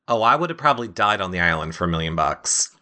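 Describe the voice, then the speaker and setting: Woman co-host, comedic recap chat, lively and sharp-toned, prone to goofy impressions. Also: a bass voice, quick pace. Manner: animated, mocking, breaks into silly whiny impressions. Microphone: live-streamed studio mic.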